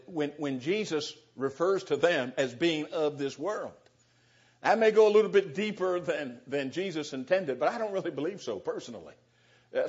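A man's voice: a little high, a little mellow. A man teaching verse by verse through a Bible passage, talking it through conversationally and asking his listeners rhetorical questions. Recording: dull lo-fi recording.

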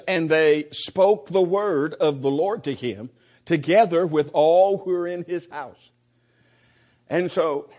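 A man's voice: on the high side, a little mellow. A man teaching a Bible class without a script, earnest and stumbling over repeated words as he goes. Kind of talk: unscripted Bible class lesson. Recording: dull lo-fi class recording.

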